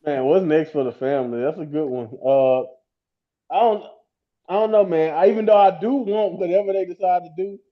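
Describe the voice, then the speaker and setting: A man's voice: high voice, brisk. A man co-hosting a podcast in casual chat, agreeable and often laughing, repeating words as he gets started. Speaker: podcast co-host. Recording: slightly muffled lo-fi audio.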